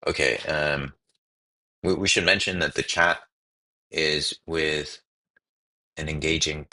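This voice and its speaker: A man hosting a casual coding livestream, thinking aloud with sudden excited bursts. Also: rumbling low, slow. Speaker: livestream host.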